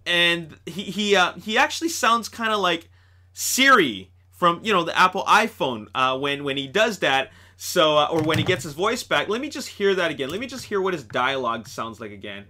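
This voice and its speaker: A man hosting a casual video review, talking excitably and rambling with lots of fillers and restarts, recorded at home on a desktop microphone. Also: on the high side. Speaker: host of a movie news channel. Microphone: desktop USB microphone.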